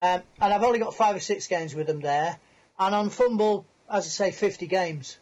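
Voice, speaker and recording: A man's voice: sits high, moderate pace, a little mellow. A man, a podcast guest on a video call, telling a long anecdote in a chatty, self-mocking way and laughing through his story. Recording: muffled lo-fi call audio.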